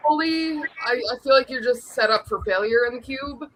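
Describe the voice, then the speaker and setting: A woman's voice: sits high, moderate pace, a little hiss or hum, low-quality recording. A woman co-hosting a podcast in casual chat, talking chattily with lots of filler words. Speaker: podcast co-host.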